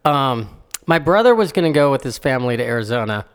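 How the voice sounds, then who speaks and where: A man's voice: medium pitch, very animated, fast, fairly bright tone, smooth. A man co-hosting a podcast, telling stories in a laid-back, chatty way. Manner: laid-back storytelling, laughs often. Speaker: podcast co-host. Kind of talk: casual chat.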